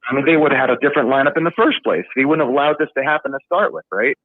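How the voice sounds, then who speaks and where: Fired-up guy calling in, tinny phone line, talks fast and bouncy. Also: medium pitch, no room sound. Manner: frustrated, emotional rant. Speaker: caller. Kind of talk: call-in sports talk.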